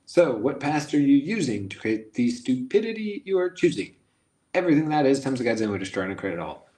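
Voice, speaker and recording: A man hosts a loose self-help talk, joking and rambling as he goes. He repeats phrases over and over in a voice of middling pitch. The sound carries a roomy echo. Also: big pitch swings, a little fast, mellow. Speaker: host. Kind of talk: casual guided self-help monologue. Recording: echoey room.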